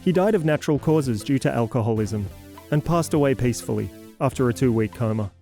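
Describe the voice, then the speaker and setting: A man hosting an audio fiction show, introducing the episode with deadpan dark humor. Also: mid-range voice, a little fast, gravelly, soft background music. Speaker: podcast host. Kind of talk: scripted narration.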